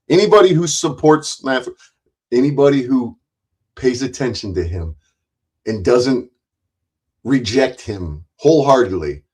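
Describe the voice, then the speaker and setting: A man's voice: mid-range voice, a little mellow. A man streaming an angry ranting monologue, blunt and full of swearing, repeating himself with frequent restarts and mocking other people's voices.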